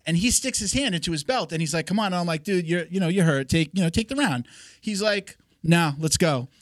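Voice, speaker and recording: Male podcast host, slightly high voice, casual and rambling, dry studio sound. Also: lively intonation, fast, no echo. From South Florida. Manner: loose and chatty, with fillers.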